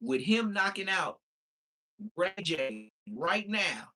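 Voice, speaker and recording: A male streamer talks fast and eagerly to his viewers, filling them in on the backstory. His voice sits a little high and sounds bright and forward. It is loose, casual live-stream chatter. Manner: excited, explains backstory at length. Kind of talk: casual reaction stream commentary.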